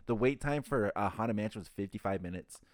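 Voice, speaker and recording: A man's voice: lowish voice, brisk, dry recording. A man chatting casually, often laughing while adding details to a friend's story. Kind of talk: casual chat.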